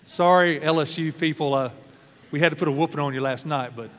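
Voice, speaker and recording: A pastor from Arkansas, preaching a sermon with folksy, humorous storytelling. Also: male voice, a little high, a little fast, fairly bright tone. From South Arkansas, USA. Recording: long hall reverb.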